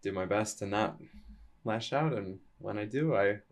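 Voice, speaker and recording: A soft-spoken man hosting a podcast, thoughtfully asking his guest questions. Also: lowish voice, a little slow. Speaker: podcast host. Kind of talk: podcast conversation.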